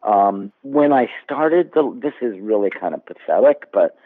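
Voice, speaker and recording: A man in his seventies, a guest actor, telling stories in an animated, casual interview chat. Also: lowish voice, unhurried. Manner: animated storyteller. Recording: tinny phone-like line.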